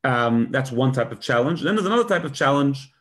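A man's voice: medium pitch, expressive, fairly quick, fairly bright tone. A man with a mid-range voice speaks informally to a room and an online audience. He works out his thoughts as he goes, with frequent ums and uhs. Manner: thinking aloud with fillers. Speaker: speaker addressing a group.

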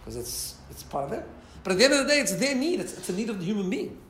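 A man teaching an informal Torah class, animated and asking listeners rhetorical questions. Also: sits high, fast talker, slight background noise. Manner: animated, mixes Hebrew and Yiddish terms, asks listeners rhetorical questions. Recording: roomy echo, faint ambience.

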